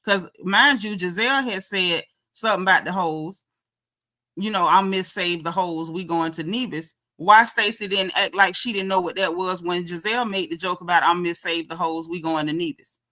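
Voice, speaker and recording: A woman's voice: on the low side, moderate pace, pushed and bright. A woman, hosting a casual, sassy recap and acting out quoted lines for her live chat. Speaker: reality show recap host.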